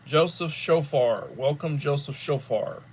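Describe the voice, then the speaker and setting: A tired, yawning man hosting a casual livestream chat, rambling and unhurried, often repeating words. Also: fairly high pitch, a little mellow, husky. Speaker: livestream host.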